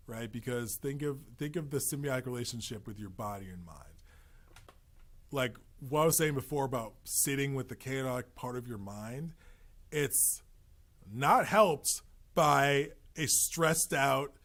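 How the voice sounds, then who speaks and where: A man hosting a podcast, talking casually about spiritual practices in a rambling, playful way, now and then slipping into silly voices. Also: mid-range voice. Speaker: podcast host.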